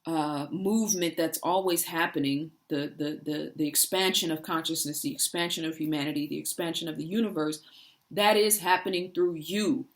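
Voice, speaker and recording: A woman's voice: low voice, steady tone, normal speed. A woman giving an earnest inspirational talk, building through repeated rhetorical questions. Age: adult parent. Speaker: spiritual speaker. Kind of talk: inspirational monologue.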